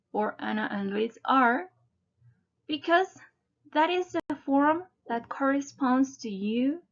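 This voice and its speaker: Woman teaching english grammar, talks real slow and careful, kinda high voice, dull lo-fi sound. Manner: slow, deliberate, spelling out letters. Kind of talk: scripted grammar lesson narration.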